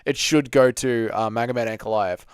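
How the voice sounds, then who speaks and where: A man's voice: medium pitch, steady tone, normal speed, clear, resonant tone, no echo, clean studio sound. A young man hosting a casual live Q&A, reading chat messages aloud and bantering with viewers.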